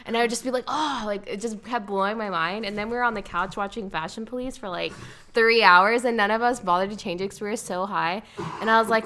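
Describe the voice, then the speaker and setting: A young woman spins a funny personal tale in relaxed podcast chat. Her voice is bright and forceful, and she throws herself into quoting her past self with big animated bursts. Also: mid-range voice, fast, clear, resonant tone. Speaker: podcast guest, sister of co-host. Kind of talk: casual storytelling.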